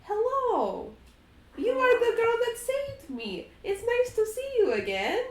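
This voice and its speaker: A woman voicing a young vampire boy who asks plain, earnest questions in a high childlike voice. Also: sing-song, slow pace, darkish tone, full character voice. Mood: sweet. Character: earnest small vampire boy, curious and blunt. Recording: roomy echo.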